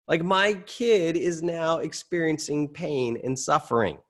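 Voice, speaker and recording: A middle-aged man teaching a session to an audience, telling a personal story in a lively, conversational way and jumping up in pitch at dramatic moments. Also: a little slow. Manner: animated storytelling, conversational, rising excitement at high points. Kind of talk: anecdotal teaching talk to an audience.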